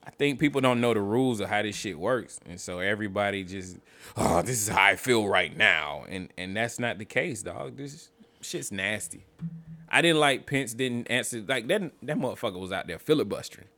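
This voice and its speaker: A man's voice: on the low side, expressive, brisk, a bit bright. A man co-hosting a loose, profane chat, joking and mocking politicians. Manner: profane, joking, mocks politicians in parody voices. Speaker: podcast co-host. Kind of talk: casual chat.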